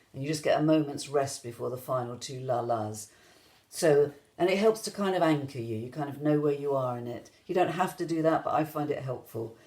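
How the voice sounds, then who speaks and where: Recorded with a lot of noise, this low-pitched woman is a music teacher leading an online rhythm class. She guides home viewers gently and patiently through each step.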